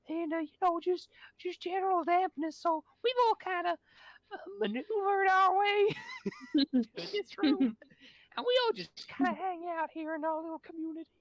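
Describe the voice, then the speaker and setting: A woman doing a tiny spore chorus, high and bouncy, rambling and swearing, dry sound. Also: no echo. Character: chatty horde of tiny spore creatures.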